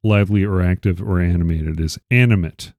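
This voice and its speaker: A man hosting a podcast, reading out word definitions deliberately and asking questions. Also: low-pitched, a little mellow, dry recording, clean studio sound. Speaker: podcast host. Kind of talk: casual interview chat.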